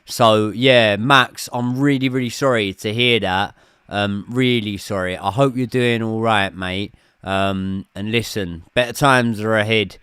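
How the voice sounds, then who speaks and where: A man's voice: on the low side, steady tone, measured pace, a bit bright, clear, resonant tone, no echo, studio quality. A young man hosting a live football watchalong, chatting casually, swearing now and then and answering viewers. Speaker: host of a football watchalong stream. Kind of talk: casual live-stream chat and commentary.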